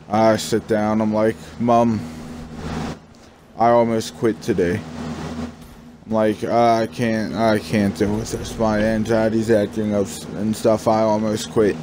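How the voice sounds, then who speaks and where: A man's voice: fairly low pitch, noisy background. A young man casually telling a rambling personal story over gameplay, acting out his own panicked thoughts and swearing now and then. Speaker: gaming vlogger.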